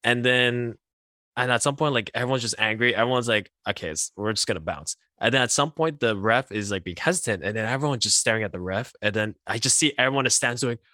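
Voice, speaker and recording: A man telling a story in casual podcast chat, animated and laughing often. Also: medium pitch, fast, no echo, clean studio sound.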